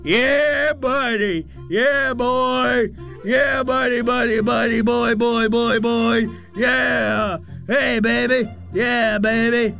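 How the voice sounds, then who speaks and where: A man putting on the voice of an excitable male gym teacher who chants the same words over and over in a sing-song way. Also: extremely high pitch, takes it slowly, vocal fry, soft background music, heavily acted. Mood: hyped.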